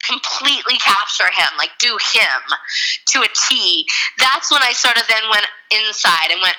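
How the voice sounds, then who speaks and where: A woman actress chatting casually in an interview, full of fillers and quick laughs. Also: mid-range voice, animated, pushed and bright, low-quality recording. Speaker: actress, guest.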